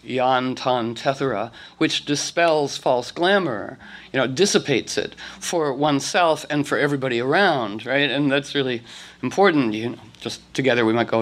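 A man's voice: mid-range voice, moderate pace. A man telling rambling stories to a group, acting out quotes and restarting often. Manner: animated, acts out quotes, many restarts. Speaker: speaker addressing a group. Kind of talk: rambling storytelling talk.

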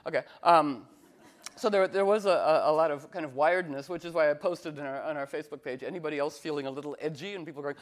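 Speaking briskly, a man explains astrology in a relaxed, rambling way full of fillers and restarts. He performs quoted voices, his pitch shooting up without warning.

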